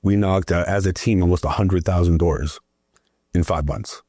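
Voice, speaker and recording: Male political guest, low and husky, emphatic storyteller. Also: steady tone, moderate pace, dark tone, no echo, studio quality. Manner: emphatic storyteller, keeps adding "right?". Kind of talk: political conversation.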